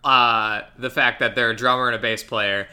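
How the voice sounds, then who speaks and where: A woman's voice: rumbling low, fairly even intonation, normal speed, bright, forceful tone. A young woman co-hosting a podcast, chatting casually about a movie, with frequent restarts. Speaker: podcast co-host. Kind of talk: casual chat recapping a movie.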